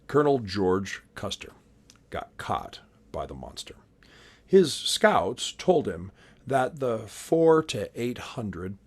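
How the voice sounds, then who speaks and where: A man hosting his own video series, telling history stories as a dramatic monologue with whispered asides and sudden loud bursts. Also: fairly low pitch, creaky, husky.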